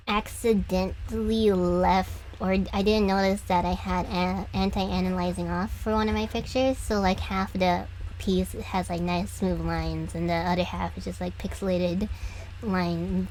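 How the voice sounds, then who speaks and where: A woman's voice: mid-range voice, darkish tone, a little hiss or hum, low-quality recording. A young adult woman chatting casually as a streamer while she draws, rambling and giggly with many restarts, speaking from her room at home. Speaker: VTuber artist streamer. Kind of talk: casual chat while drawing.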